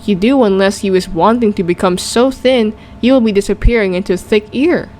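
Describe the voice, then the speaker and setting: A woman voicing a big, gentle, friendly male giant who talks earnestly in jumbled, mangled grammar. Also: mid-range voice, fairly quick, slight background noise, lightly acted. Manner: earnest, eager to please.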